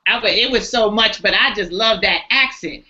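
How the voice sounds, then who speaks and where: A woman's voice: medium pitch, normal speed, pushed and bright. A woman co-hosting a live online show, enthusiastic and affirming as she talks to the guest. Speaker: show co-host. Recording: dull lo-fi sound.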